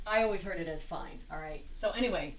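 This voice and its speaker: A young woman co-hosting a casual podcast, telling stories in a lively way and laughing often. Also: lowish voice, quick pace. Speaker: podcast co-host. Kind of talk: casual conversation.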